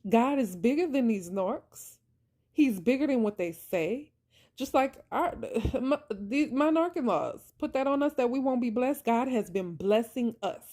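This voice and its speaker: Her voice sits fairly high, with lively intonation, an unhurried pace, and a dark tone. She's a vlogger giving a heartfelt faith-based monologue about surviving abuse, preaching with passion, repeating herself for emphasis, and addressing everyone as "y'all." Worn thin, her voice carries her near tears.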